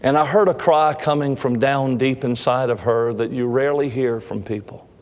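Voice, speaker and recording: A male preacher delivering a dramatic sermon in a mid-pitched voice, his lines ringing out with a long reverb as in a large hall. He moves between bold, raised declarations and quiet, slowed-down moments. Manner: dramatic, swings between loud emphasis and hushed slow passages. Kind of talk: sermon storytelling.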